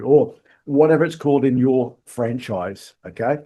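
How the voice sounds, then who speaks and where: A man's voice: a little high, moderate pace, few pauses, dark tone. A man hosting a podcast and coaching salespeople, acting out short customer and salesperson lines as he goes. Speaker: sales trainer and podcast host. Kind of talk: podcast monologue.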